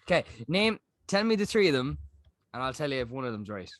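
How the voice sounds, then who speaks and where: A young man co-hosting a podcast, teasing his friend and swearing casually in relaxed chat. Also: medium pitch, fairly quick. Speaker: podcast co-host.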